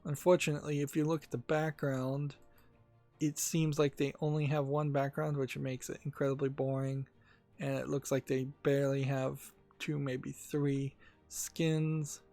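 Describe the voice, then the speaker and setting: A man hosting a gaming channel, talking casually about game news in a rambling, halting way with many fillers. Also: medium pitch, little pitch movement, a little mellow, soft background music.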